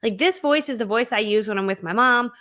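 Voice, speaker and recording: An upbeat woman teaching a live-streamed training. She sits a little high in pitch and talks with amped-up, chatty energy, with frequent laughs between points. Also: fairly quick, sharp tone. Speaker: host of an online business training.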